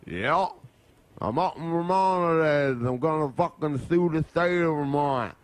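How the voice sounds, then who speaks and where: A man impersonating a crude, rambling older man, talking slowly with slurred, odd phrasing in a dry, close recording. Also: fairly high pitch, no echo, close to an everyday voice.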